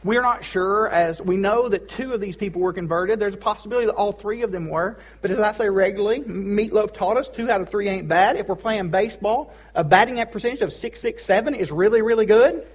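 Husky-voiced high-pitched male pastor. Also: brisk, hardly any pauses. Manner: casual, joking preacher with pop-culture asides. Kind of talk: sermon.

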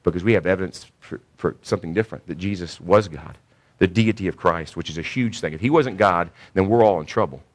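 A man delivering a teaching sermon in a fairly low voice. He speaks with emphasis, repeats his key points, and presses the listeners with rhetorical questions. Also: a little fast. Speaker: preacher.

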